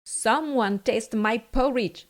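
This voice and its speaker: A woman voicing a big, gruff father bear in a children's storybook. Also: a little high, slow. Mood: indignant. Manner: gruff, growling.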